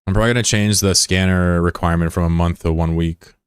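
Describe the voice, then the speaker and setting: A man's voice: low-pitched, steady tone, fast talker, clean tone, no room sound, clean studio sound. Slangy man joking with his stream chat. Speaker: game streamer. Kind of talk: casual live-stream chat, reading viewer messages.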